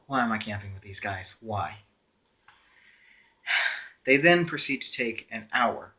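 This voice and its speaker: A man's voice: fairly low pitch, bright, forceful tone. A young man casually telling a story in a wry, conversational way, with frequent "uh" fillers. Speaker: storyteller vlogger.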